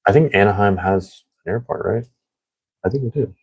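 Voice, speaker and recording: A young man with a very deep, low voice talks loosely and rambles, stacking fillers as he goes. The recording is dry and close, with no room sound. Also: a little fast, slightly rough, no echo. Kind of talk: casual chat.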